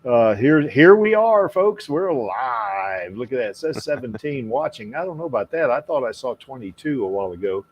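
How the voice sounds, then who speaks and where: A man's voice: medium pitch, lively intonation, normal speed, few pauses, highs cut off, a little hiss or hum. A man hosts a casual livestream show, rambling through his notes with plenty of fillers. He laughs often and speaks in an ordinary mid-range voice. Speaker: podcast host.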